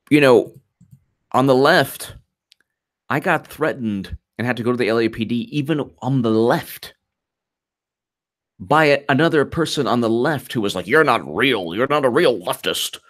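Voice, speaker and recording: A man hosting a live political commentary stream, talking fast and animated, repeating himself and mocking opponents. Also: mid-range voice. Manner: animated, repetitive, mocking quoted voices.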